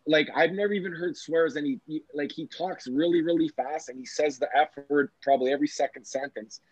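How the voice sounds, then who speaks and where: A man hosting a casual chat, telling stories in an animated, profane, excitable way. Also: on the high side, fairly quick, dry recording. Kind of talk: casual storytelling. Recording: dull, dry lo-fi audio.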